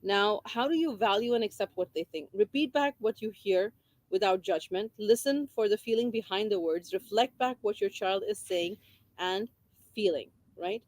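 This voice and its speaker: A woman's voice: mid-range voice, moderate pace, darkish tone, no room sound. A woman giving an informal talk on parenting, explaining a book's ideas and repeating key phrases for emphasis. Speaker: parenting educator.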